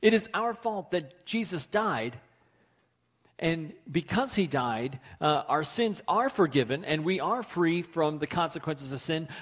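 A man's voice: sits high, breathy edge, highs cut off. A man preaching a sermon in a conversational, emphatic way, often asking the congregation questions. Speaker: pastor.

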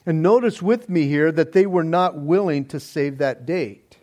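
A man preaching a sermon in a deliberate manner, with soft laughs between points. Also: a little high. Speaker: pastor.

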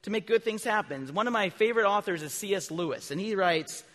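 A man preaching a children's sermon, asking his listeners questions and answering them himself, with animated bursts of loud emphasis. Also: high voice, fast. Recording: long reverb from a large hall.

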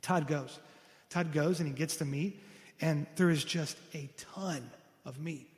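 A male pastor delivering a sermon in a fairly high voice. He tells stories with animated energy, acting out the people in them. His voice carries a long hall reverb. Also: a little slow.

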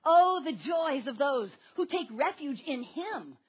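A woman preaching a sermon to a congregation with children, animated and asking her listeners questions directly. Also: sits high, measured pace, lo-fi sound.

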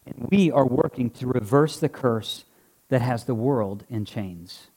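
A man's voice: mid-range voice, a little slow, a little mellow, slightly rough. A man preaching a sermon to a congregation in an earnest, conversational way, joking now and then while doing a live object lesson. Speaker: pastor. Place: church before a congregation.

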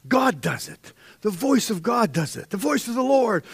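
A middle-aged man preaching a sermon, swinging from shouted peaks down to hushed, almost whispered lines. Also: very high voice, big pitch swings, moderate pace, vocal fry, few pauses, husky, no room sound.

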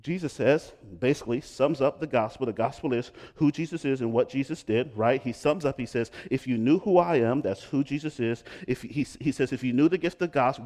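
A middle-aged male pastor preaching a sermon, swinging between loud emphatic lines and hushed quiet ones. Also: mid-range voice.

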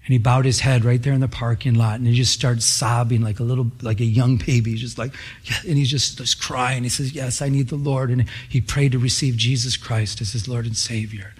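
A pastor telling a story in a sermon, quoting scripture, lively at times and hushed at others. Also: male voice, mid-range voice, brisk, hardly any pauses, breathy edge. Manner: animated, quotes scripture, drops to hushed intensity.

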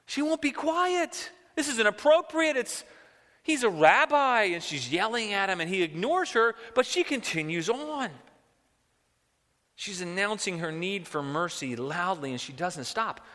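A male pastor delivers a sermon in a conversational style, frequently acting out quotes. His slightly high voice is bright and forceful, animated yet a little slow, with long church-hall reverb trailing each phrase.

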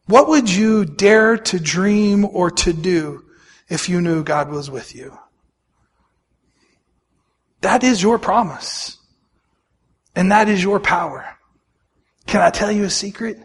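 A man preaching a sermon, animated, acting out the voices of the people in the Bible stories he tells. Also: high voice, a little slow, pauses often. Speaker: pastor. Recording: long hall reverb.

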